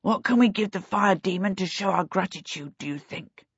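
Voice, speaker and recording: A fussy kobold leader grumbles and frets in a low, serious tone, read by a woman. The voice is husky and a little breathy. The sound is dry and muffled. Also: lively intonation, measured pace, fairly bright tone, no echo, heavily acted. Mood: grumbling. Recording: dull lo-fi recording.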